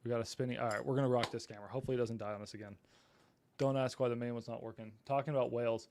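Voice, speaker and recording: A man's voice: mid-range voice, steady tone, rapid-fire, a little mellow. A man hosting a casual livestream, apologetic and flustered while he fights his equipment and talks to viewers. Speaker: livestream host.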